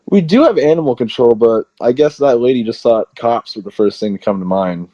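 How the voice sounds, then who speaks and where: A man's voice: mid-range voice, expressive, brisk, mellow, dry recording. A man, a wrestler guest, telling long rambling stories full of "like" in a casual interview. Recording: slightly muffled dry audio.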